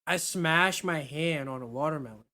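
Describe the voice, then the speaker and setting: A woman co-hosting a podcast, telling a profane, animated story in casual chat. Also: low-pitched, moderate pace. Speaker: podcast co-host.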